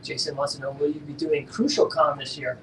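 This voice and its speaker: A man's voice: level tone, brisk, a bit bright. A man co-hosting a live stream, reading out viewer questions with hesitant fillers. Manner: reads chat messages aloud, hesitant with fillers. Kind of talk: casual live-stream chat. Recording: roomy, distant mic with faint rumble.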